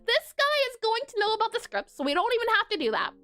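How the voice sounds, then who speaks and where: A woman game developer narrating a casual coding devlog, chatty and giggly, often correcting herself and spelling words out loud. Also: extremely high pitch, huge pitch swings, fast.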